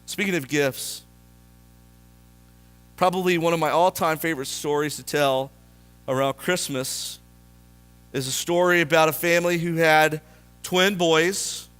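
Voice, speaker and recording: A man's voice: a little high, a little slow, pauses often, fairly bright tone, clear, resonant tone, soft background music. A man preaching a sermon in church, telling a story and asking the congregation questions. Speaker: pastor.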